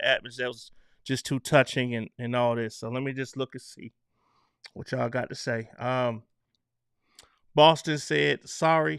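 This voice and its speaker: A man's voice: mid-range voice, a bit bright, smooth, no echo, clean studio sound. A man hosting a casual live stream, reading out viewer comments in a loose, chatty way and laughing between them. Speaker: online show host.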